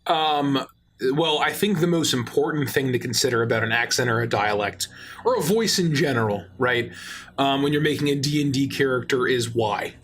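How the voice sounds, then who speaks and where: A man's voice: mid-range voice, normal speed, fairly bright tone, husky. A man talking on a casual talk show, explaining game-master advice with emphasis.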